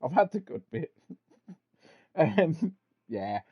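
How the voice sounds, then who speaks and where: A man's voice: a little high, very animated, takes it slowly, slightly rough, dry recording. Casual male podcast host, laughs easily, swears now and then, lo-fi home recording. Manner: laughs often, swears casually, reads aloud from a web page. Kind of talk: casual chat.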